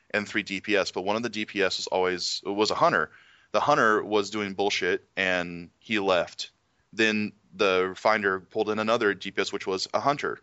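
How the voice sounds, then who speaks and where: Low-voiced, bright-sounding ranting man. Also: smooth, no room sound. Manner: profane, ranting storyteller. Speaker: podcast co-host. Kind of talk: casual gaming chat. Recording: dry, slightly dull lo-fi audio.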